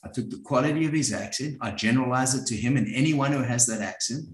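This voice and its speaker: A middle-aged man facilitating a group, telling a personal story in a reflective, halting way with many filler words. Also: medium pitch. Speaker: workshop facilitator. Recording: roomy echo.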